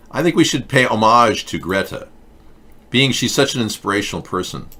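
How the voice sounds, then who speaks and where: A man's voice: on the low side, bright, forceful tone, slightly rough. A man hosting a live political chat show, talking in a sarcastic, mocking way. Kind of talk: casual satirical chat with live chat.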